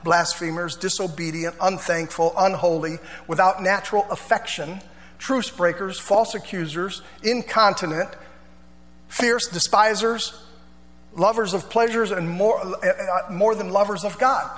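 A male pastor preaches in a church, talking in a loose, conversational way and drawing the congregation in with call-and-response. His voice sits high and rings bright. It carries a long hall echo over a faint hum. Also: steady tone, unhurried. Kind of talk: sermon.

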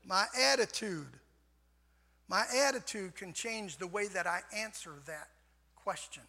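Older guy preaching, gravelly and high, says amen a lot, big echoey church hall. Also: expressive, a little slow. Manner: folksy, repeats "amen", swings from soft to shouting. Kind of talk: sermon. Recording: long hall reverb.

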